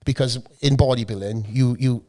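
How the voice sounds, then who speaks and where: Hoarse Welsh man telling swear-laced stories. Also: mid-range voice, normal speed, a little mellow. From South Wales. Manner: swearing, storytelling, joking. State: a bit hoarse from a cold. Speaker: guest. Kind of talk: casual chat. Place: podcast studio.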